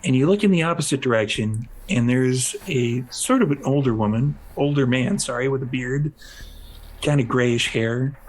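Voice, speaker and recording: A man narrating a tabletop game as game master, in loose, halting description with many fillers. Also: mid-range voice, poor audio.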